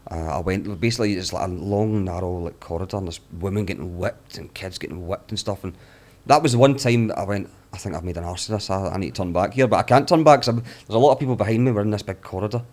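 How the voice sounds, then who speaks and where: A man's voice: low-pitched, quick pace. A young man on a podcast, telling travel stories and acting out the people he met, swearing freely. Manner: animated storyteller, swears freely, acts out quotes. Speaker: travelling guest. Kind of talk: casual podcast storytelling.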